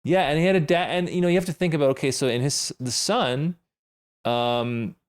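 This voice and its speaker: A man's voice: fairly high pitch, brisk. A man co-hosting a podcast, chatting casually about a TV series, acting out quoted lines and laughing often. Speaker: podcast co-host. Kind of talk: casual chat recapping a TV show.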